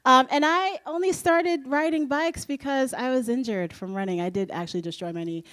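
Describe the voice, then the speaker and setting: An American woman in her thirties, appearing as a guest speaker, gives an animated presentation in a school presentation room, laughing a lot and using many fillers. Her voice sits high and she talks at a normal speed.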